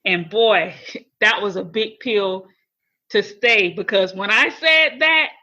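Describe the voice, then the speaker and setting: A woman's voice: medium pitch, slow, sharp tone, lo-fi sound. A woman guest on a podcast telling a personal story candidly and earnestly, often repeating and restarting phrases.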